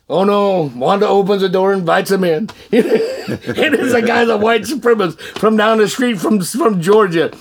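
A man telling his testimony in an animated, folksy way, often laughing and repeating words. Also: high-pitched, normal speed, crowd noise. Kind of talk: animated storytelling.

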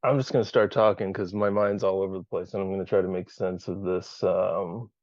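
Low-voiced man sharing candidly, lo-fi. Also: steady tone, fairly quick, darkish tone, no room sound. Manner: candid, swears freely, searching aloud. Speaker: support group member. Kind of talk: personal sharing in a support group. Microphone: video call.

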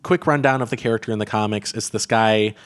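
Fast and clean-toned, this man's lowish voice carries a casual film review on a podcast, where he's a co-host. He rambles, using many fillers and restarting often.

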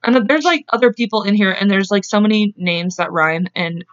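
A woman's voice: mid-range voice, normal speed, no echo. A young woman co-hosting a podcast, telling a true-crime story casually, swearing freely and breaking off into asides. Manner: chatty, swears freely, self-interrupting with asides. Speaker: podcast co-host. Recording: muffled lo-fi dry mic.

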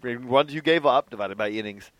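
A man's voice: mid-range voice, moderate pace, a bit bright, no echo, rough recording. A man co-hosting a casual baseball chat, explaining things in a conversational way. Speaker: baseball podcast co-host.

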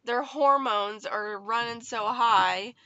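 She speaks slowly in a high, pushed, bright voice with no room sound, a podcast host in her thirties rambling casually about parenting with plenty of fillers. The recording has a slightly dull lo-fi quality and faint background noise.

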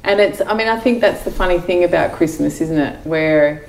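A woman's voice: fairly low pitch, brisk, reverberant, rough recording. A woman, chatting casually as a co-host and telling stories. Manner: chatty, animated storyteller. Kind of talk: casual chat.

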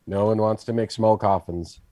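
A man's voice: fairly low pitch, steady tone, normal speed, dark tone, natural voice. A man voicing a weary, folksy village coffin maker in a wobbly put-on Scottish accent.

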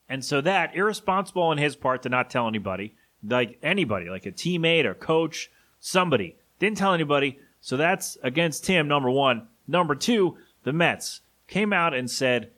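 A man's voice: mid-range voice, lively intonation, moderate pace, a bit bright. A man hosting a podcast, rambling casually and opinionatedly about sports with many fillers and asides. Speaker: podcast host.

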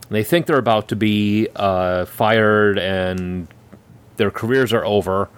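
A man's voice: on the low side, takes it slowly, clean tone. A man hosting a casual chat, recapping a film with many ums and frequent laughter.

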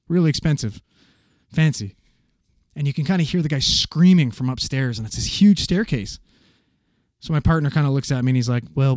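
A man casually telling a paramedic story, animated and swearing freely as he acts out the voices of the people in it. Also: fairly high pitch, no room sound, studio quality.

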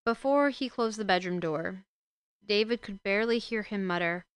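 A woman's voice: medium pitch, normal speed, clean tone, no room sound. Heated woman retelling a book. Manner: indignant, gets loud and heated when scolding the father. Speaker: book discussion host. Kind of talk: casual book retelling and commentary.

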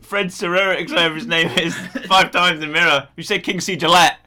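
A man's voice: on the high side, steady tone, quick pace, sharp tone. A man co-hosting a podcast, chatting casually, teasing and laughing often. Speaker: podcast co-host. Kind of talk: casual chat.

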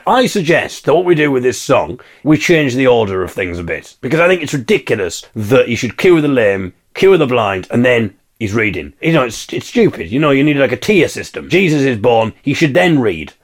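A man's voice: medium pitch, very animated, fairly quick, few pauses. A man from England hosting a podcast, delivering a wry, mock-indignant comic monologue and singing snatches of carols. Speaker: podcast host.

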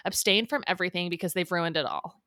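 Woman co-host, animated and mocking, quick to laugh, dry close sound. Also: on the low side, no echo. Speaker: podcast co-host. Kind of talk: casual chat.

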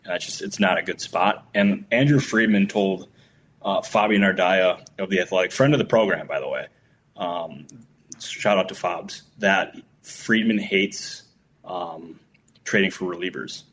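A man co-hosting a podcast in casual sports chat, relaxed and loose. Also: deep voice, a little slow. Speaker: podcast co-host.

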